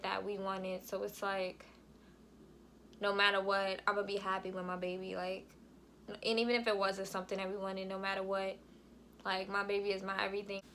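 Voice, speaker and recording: A young woman chats through a casual story time, peppering her talk with "like" and "y'all". Her voice is bright and forward, recorded at home on a camera mic with a faint hiss underneath. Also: medium pitch. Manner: chatty, frequent "like" and "y'all". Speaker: vlogger.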